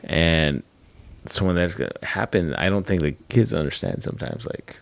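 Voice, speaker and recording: A man in his thirties with a very low voice talks candidly on a podcast. He swears freely and acts out bits of remembered conversations. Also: sing-song, moderate pace, vocal fry, dry recording. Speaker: podcast co-host. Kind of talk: casual chat.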